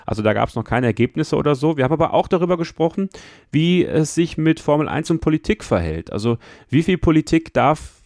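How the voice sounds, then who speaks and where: A man's voice: fairly high pitch, very animated, fast talker, darkish tone, no room sound, studio quality. A man, hosting a podcast with upbeat, teasing announcements and questions. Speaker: podcast host. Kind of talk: podcast presenting and interviewing.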